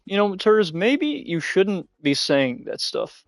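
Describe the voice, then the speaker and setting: A man livestreaming a game in casual, excitable chat, giggling often and shouting catchphrases. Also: high-pitched, slow, gravelly, no echo. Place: at home, mom nearby.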